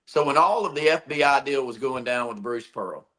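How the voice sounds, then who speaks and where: A man co-hosting a sports talk show, with a bright, sharp tone at a middling pitch. He talks bluntly, often sounds exasperated, and keeps restarting his sentences. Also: moderate pace.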